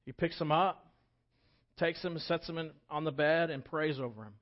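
A pastor retells a story to his congregation in an easy, conversational sermon. His voice sits a little high and he swings from loud emphasis to hushed moments. The recording is dull and lo-fi. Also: moderate pace.

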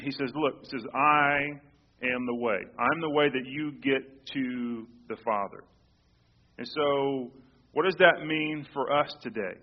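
Pastor preaching in a casual sermon. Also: male voice, mid-range voice, highs cut off. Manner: conversational with frequent restarts and repeated words. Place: church sanctuary.

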